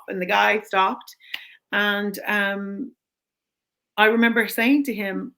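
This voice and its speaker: A middle-aged woman recounts a personal story as an interview guest. Her telling is candid and animated, and she slips into the voices of the people she quotes. Her voice sits at an ordinary, middle pitch. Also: a little slow, poor audio.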